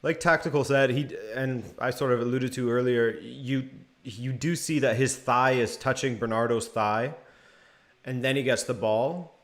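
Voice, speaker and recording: The speaker is a young man commentating a match on a live watch-along stream, his voice mid-range and his pace normal. He keeps the play-by-play relaxed and answers chat messages between calls.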